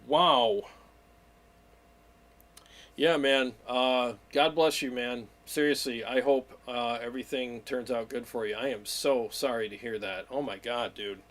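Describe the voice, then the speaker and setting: A man hosting a weekly livestream, talking in an excitable, rambling way and greeting viewers by name. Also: mid-range voice, unhurried. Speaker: livestream host. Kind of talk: casual livestream chat.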